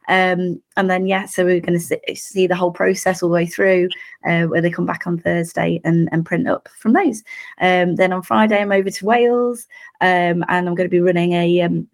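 A woman with a croaky voice, chatting casually as a photographer full of ums. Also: on the low side. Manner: lots of ums, rambling. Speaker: podcast guest photographer. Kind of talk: casual chat.

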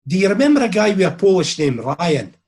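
A Scottish man in casual chat, telling animated anecdotes and acting out the people in them. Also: high-pitched, quick pace, husky. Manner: broad, animated storytelling with acted quotes.

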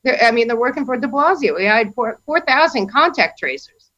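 A woman's voice: fairly high pitch, fairly quick, highs cut off. A woman from New York City, telling a story in casual chat and acting out the dialogue. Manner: animated storytelling, acts out dialogue.

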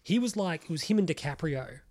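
Lively rambling man, higher voice. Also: a little fast. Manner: rambling, animated, swears freely, lots of "like". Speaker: podcast co-host. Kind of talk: casual chat.

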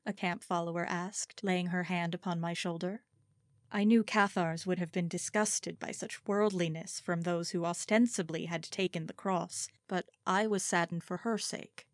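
A woman narrating a first-person story in a measured, expressive reading. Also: fairly low pitch, no echo, clean studio sound. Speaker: audiobook narrator.

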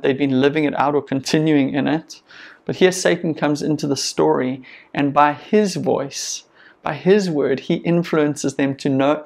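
A man's voice: a little high, gravelly, darkish tone. A man preaching a sermon as pastor, earnest and encouraging, with conversational asides to the congregation.

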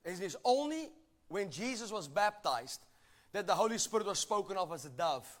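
A man preaching a sermon with emphatic delivery, calling for responses from the congregation and building to shouted passages. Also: sits high, very animated, moderate pace.

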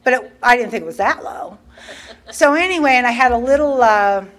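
A middle-aged woman sharing her recovery story in a casual, animated way, acting out quoted dialogue and laughing often. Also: fairly high pitch, a little fast. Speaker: guest speaker.

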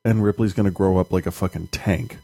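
A man's voice: sits low, steady tone, brisk, gravelly, warm tone, no echo, soft background music. A man in his thirties talking casually as a podcast co-host and father, blunt and swearing, laughing at himself. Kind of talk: casual chat.

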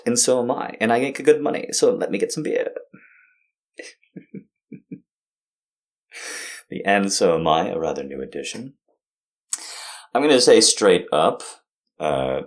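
A man with a very low voice that swings widely in pitch as he talks. He chats loosely with his fans and swears often. His jokes are self-deprecating. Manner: profane self-deprecating joking. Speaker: streamer talking to fans. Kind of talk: casual monologue.

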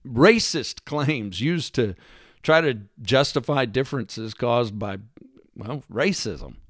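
A man's voice: medium pitch, no room sound, clean studio sound. A man delivering an opinion monologue, emphatic and sarcastic, lecturing with rhetorical questions. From United States. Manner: mimics accents in quoted lines. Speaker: commentator.

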